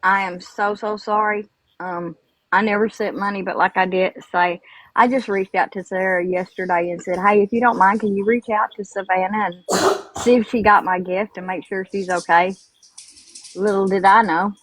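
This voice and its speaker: A woman's voice: medium pitch, fairly even intonation, moderate pace, fairly bright tone, low-quality recording. An older woman, calling into a live stream, emotional and rambling, close to tears.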